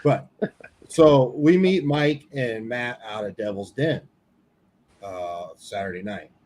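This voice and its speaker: Casual storytelling man, middle pitch. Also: slow pace, a little mellow, slight background noise, rough recording. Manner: candid, swears casually, retells dialogue. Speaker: paranormal podcast co-host.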